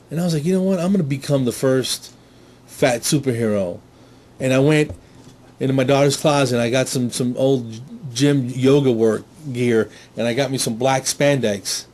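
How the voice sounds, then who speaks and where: A middle-aged man telling a stand-up comedy story, animated, slipping in silly character voices. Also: medium pitch.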